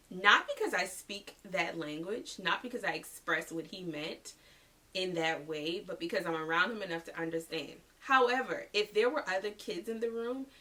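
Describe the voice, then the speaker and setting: Woman podcast host, thirties, bright forceful voice, chatty and slangy, a bit off-mic. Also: fairly low pitch, recorded from a distance. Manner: chatty, slangy, addresses listeners as y'all. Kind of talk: motivational podcast talk.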